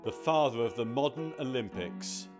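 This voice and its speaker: A man's voice: medium pitch, lively intonation, moderate pace. A man giving a whimsical, declamatory scripted narration. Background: music.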